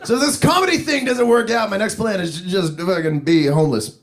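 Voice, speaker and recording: This man's voice is high-pitched and his delivery a little fast. He's a stand-up comedian working through a meandering, foul-mouthed routine and chuckling at his own material, captured live in a club with audience noise.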